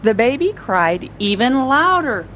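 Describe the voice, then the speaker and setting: Slow, sing-song woman storyteller. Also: fairly high pitch, very animated, a bit bright, slight background noise, low-quality recording. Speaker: storyteller reading to adults. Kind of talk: picture-book read-aloud.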